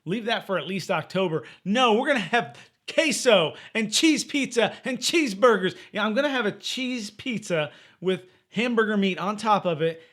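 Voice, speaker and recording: A man's voice: high-pitched, expressive, fairly bright tone. A young man co-hosting a podcast, chatting casually and riffing with jokes. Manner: playful, jokey, quick to riff. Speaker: podcast co-host. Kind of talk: casual chat.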